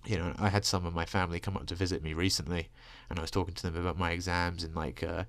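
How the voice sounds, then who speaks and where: In a long, profane, rambling monologue, a young vlogger talks fast and low, stitching ideas together with "like" and "you know." His deep voice is delivered flatly yet has a fairly bright tone. The desk microphone gives a close, dry recording with no room sound.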